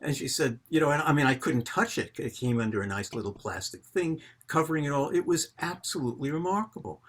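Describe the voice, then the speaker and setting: Older man, husky, rambling, video call storytelling. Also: a little high, lively intonation, fairly quick. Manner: rambling, many fillers and restarts. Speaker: group member telling a story. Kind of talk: casual storytelling on a group call.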